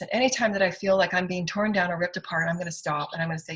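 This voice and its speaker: A middle-aged woman with a somewhat low voice delivers an inspirational spiritual monologue. She speaks emphatically and leans on repeated affirmations. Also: fast talker, few pauses, fairly bright tone, low-quality recording. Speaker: spiritual healer and channel.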